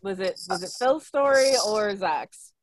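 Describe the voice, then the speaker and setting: A woman's voice: medium pitch, animated, a little slow, no room sound. A woman casually reading a silly comic story aloud into a phone, often breaking into giggles. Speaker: story reader and co-host.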